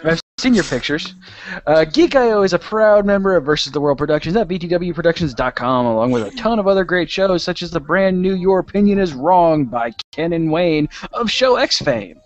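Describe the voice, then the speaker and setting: A man's voice: on the high side, expressive, brisk, lo-fi sound. A man co-hosting a podcast, reading show notes in a joking, crude way and laughing often. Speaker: podcast co-host.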